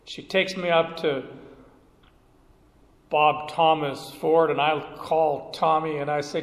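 A middle-aged pastor preaches a sermon in a church hall, telling stories with emphatic delivery. His voice is fairly high, steady, slow, and fairly bright, and the hall adds a roomy, echoing reverb.

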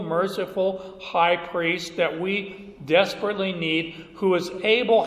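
A man's voice: high-pitched, a bit bright. A middle-aged man preaching a sermon, telling stories with emphatic delivery, recorded in a church hall. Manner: storytelling, emphatic. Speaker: pastor. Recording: echoey hall, roomy reverb.

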